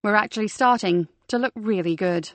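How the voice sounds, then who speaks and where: A woman narrating a crime novel audiobook in a steady, measured reading. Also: medium pitch, dry recording. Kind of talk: scripted narration.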